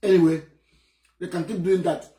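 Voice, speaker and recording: Nigerian man, high-voiced, sharp and indignant commentator, echoey room. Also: fairly even intonation, moderate pace. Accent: Nigerian English. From Nigeria (Enugu State). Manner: indignant, emphatic, blunt. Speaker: political commentator. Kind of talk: heated political commentary. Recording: roomy echo.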